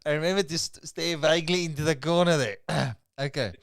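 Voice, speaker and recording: A man's voice: a little high, fairly quick, gravelly, no room sound, studio quality. A man with a South African accent co-hosting a casual livestream chat, rambling with stammered restarts. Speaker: co-host. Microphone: video call.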